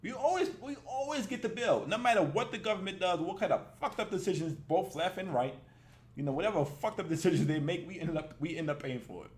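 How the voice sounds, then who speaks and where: High, lively-voiced man ranting bluntly. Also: fast, reverberant. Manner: blunt, profane, laughs often. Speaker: reaction video host. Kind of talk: casual ranting commentary.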